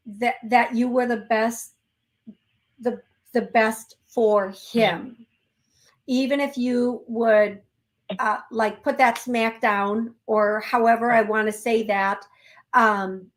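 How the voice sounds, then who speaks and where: A woman hosting a call-in show, giving a psychic reading in a gentle, chatty way and spelling words out letter by letter. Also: on the high side. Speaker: psychic medium host.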